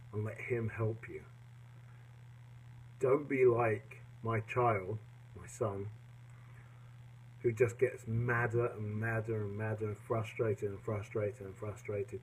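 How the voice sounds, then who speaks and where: A man giving a personal devotional talk to listeners in a gentle, earnest and reflective manner. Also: on the low side, steady tone, takes it slowly, long pauses, a little hiss or hum, low-quality recording. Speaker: devotional podcaster.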